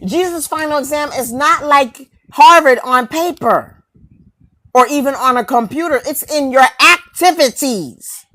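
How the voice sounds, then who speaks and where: A woman's voice: high voice, animated, measured pace, sharp tone. A woman delivering a confrontational, preachy rant to camera, mocking her targets and firing off rhetorical questions and repeated lines.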